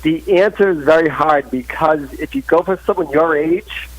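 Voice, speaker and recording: A man's voice: a little high, normal speed, rough recording. A man calling in to a live talk show, giving earnest, opinionated relationship advice with many restarts. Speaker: caller. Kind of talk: phone-in advice chat. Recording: live call line.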